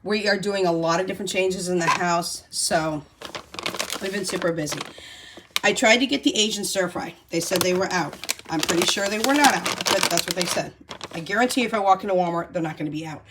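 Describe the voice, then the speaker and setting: A woman's voice: lowish voice, fairly quick, noisy background. A middle-aged woman chatting through her grocery haul as a budget vlogger, explaining each item at length and saying "y'all". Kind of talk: casual grocery haul talk to camera.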